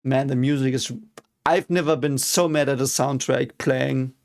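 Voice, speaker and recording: A young German man with a German accent hosts a reaction video, giving casual commentary on an anime episode. His voice is mid-range and steady at a normal speed, with faint music behind him. He sounds frustrated, swears a lot, and breaks into mock cheers.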